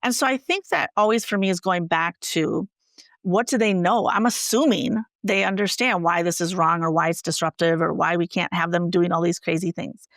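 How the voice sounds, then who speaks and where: A woman teacher, a guest in an interview, telling classroom stories in an animated, conversational way. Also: on the low side, normal speed, no echo, clean studio sound. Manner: animated, acts out quoted dialogue. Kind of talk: conversational storytelling.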